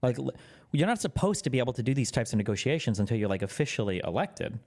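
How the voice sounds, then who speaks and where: A man's voice: mid-range voice, very animated, fast talker, a little mellow. A man giving sarcastic commentary over a political clip, laughing and swearing in mocking asides. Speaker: streamer reacting to a press clip.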